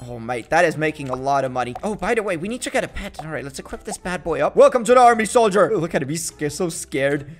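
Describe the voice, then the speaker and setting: Young guy, high voice, playful gaming commentary, excitable and bossy. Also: fast, few pauses, soft background music. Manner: excitable, jokey, bossy toward game customers. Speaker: gaming YouTuber. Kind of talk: casual gameplay commentary.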